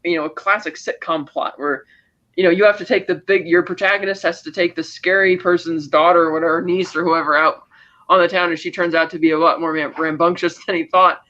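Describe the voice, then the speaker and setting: A man with a high voice talks fast, walking through a film's plot for a podcast. He slips into the characters' lines as he goes. The audio is a little dull and lo-fi. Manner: animated retelling, acting out lines with raised pitch. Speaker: podcast co-host. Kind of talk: casual film recap chat.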